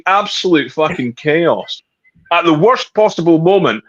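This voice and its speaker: A man's voice: fairly high pitch, a little slow, highs cut off. Sweary middle-aged Scottish man. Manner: swears freely, animated storyteller. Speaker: guest. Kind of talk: casual chat.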